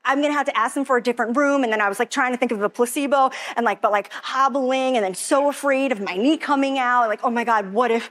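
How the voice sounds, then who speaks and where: Young woman, higher pitch, emotional rambling testimonial delivery. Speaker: event attendee giving a testimonial. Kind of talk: personal testimony.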